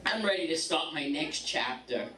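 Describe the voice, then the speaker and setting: A woman's voice: low-pitched, lively intonation, moderate pace, slight background noise. A woman, performing a bawdy stand-up comedy set with punchy timing. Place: comedy club stage. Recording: roomy club sound from a distance, loud audience.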